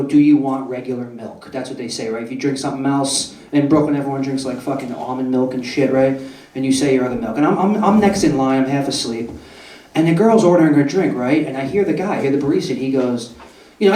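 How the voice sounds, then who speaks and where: A man's voice: medium pitch, a little mellow, distant mic. A young man doing a stand-up comedy set in a club, brash and profane, often asking the crowd "right?". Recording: roomy club echo, voice off-mic.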